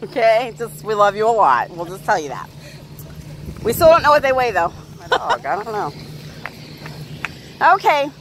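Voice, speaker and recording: A woman's voice: very animated, normal speed, long pauses, slight background noise. A woman vlogging a trip to a pet store, talking cheerfully to her dogs and her viewers. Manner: cheerful, fond, talks to her dogs in a high voice. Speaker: vlogger, dog owner. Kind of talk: casual pet vlog narration.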